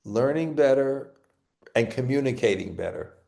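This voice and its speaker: With an expressive, mellow, medium-pitched voice touched by vocal fry, a Brooklyn-accented spiritual teacher leads a scripture class. His delivery is halting, full of repeated words and frequent restarts.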